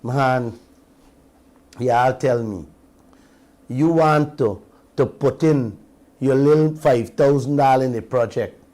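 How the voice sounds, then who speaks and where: A man's voice: medium pitch, slow pace, long pauses, mellow. A Guyanese man hosting a radio talk show, giving an impassioned commentary full of rhetorical questions to his listeners and slipping between standard English and creole.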